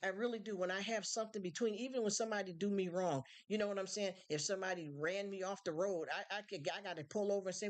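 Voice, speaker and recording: A woman's voice: mid-range voice, quick pace, few pauses. A woman talks casually on her live stream. She rambles from one point to the next and stutters through repeated words when she gets worked up, and her voice stays in a middle range. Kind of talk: casual chat.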